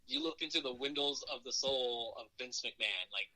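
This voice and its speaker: A man, a professional wrestler, telling stories from his career in a casual interview, animated and self-deprecating, acting out quotes and laughing often. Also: moderate pace, crowd noise, low-quality recording. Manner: animated, acts out quotes with jumps in pitch.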